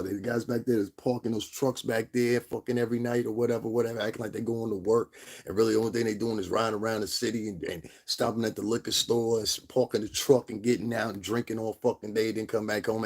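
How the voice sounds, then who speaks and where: A man from Connecticut telling a long, profane story as a lecture to his viewers, sometimes mimicking others in a high voice. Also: steady tone, brisk, husky. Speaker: vlogger. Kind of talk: angry storytelling rant.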